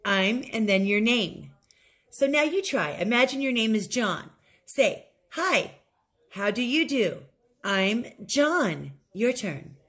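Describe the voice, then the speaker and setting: Woman, English teacher, fairly high voice; speaks phrases slowly and clearly for repetition. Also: animated, a bit bright. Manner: slow, clear modeling of phrases for learners to repeat. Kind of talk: recorded language lesson.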